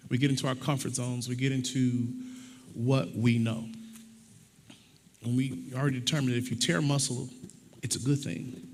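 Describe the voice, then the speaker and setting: A man's voice: medium pitch, little pitch movement, normal speed, pauses often. A man preaching a conversational sermon with props, talking in a folksy way and acting out little dialogues. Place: church sanctuary. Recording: long hall reverb, faint noise.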